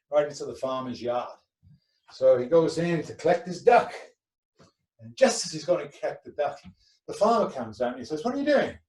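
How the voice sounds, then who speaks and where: A man leading a fitness class, giving calm, rhythmic counting cues, speaking some distance from the microphone. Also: fairly high pitch. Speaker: fitness instructor. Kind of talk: guiding an exercise class, then telling a joke. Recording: roomy echo, far from the mic.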